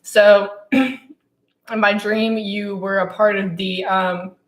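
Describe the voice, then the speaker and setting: A woman's voice: mid-range voice, level tone, slow pace. Playful young woman in an echoey room. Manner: playful, laughs often, dramatic retellings. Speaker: podcast co-host. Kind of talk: casual chat.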